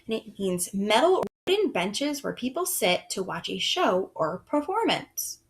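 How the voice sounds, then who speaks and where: Slow, sing-song woman teaching young children. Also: medium pitch, very animated. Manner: slow, sing-song and encouraging, with frequent praise. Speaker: first grade teacher. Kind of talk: reading lesson for young children.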